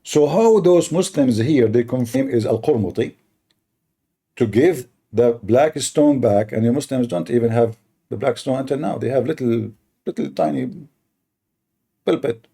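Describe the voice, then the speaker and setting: A man hosting a heated live-stream debate, mocking and combative, speaking as a with halting restarts. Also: mid-range voice, expressive, gravelly, warm tone, slightly rough. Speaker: livestream debate host.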